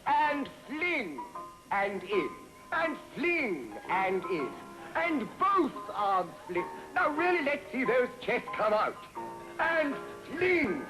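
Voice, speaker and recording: A man's voice: very high voice, very animated, slow, full character voice, low-quality recording. An actor playing a bossy male exercise instructor who barks drill commands, heard in an old film clip. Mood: commanding. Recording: old film soundtrack with loud music.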